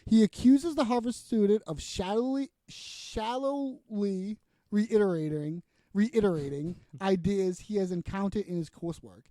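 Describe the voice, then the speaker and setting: A man's voice: sits high, unhurried, dark tone, no room sound. A man co-hosting a podcast, rambling and laughing as he recaps a TV episode. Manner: rambling, chatty, laughs often. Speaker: podcast co-host. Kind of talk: casual chat recapping a TV episode.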